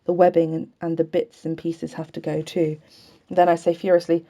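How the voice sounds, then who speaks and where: A woman reading a novel aloud in an earnest, even first-person voice. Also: on the low side, moderate pace. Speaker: audiobook reader.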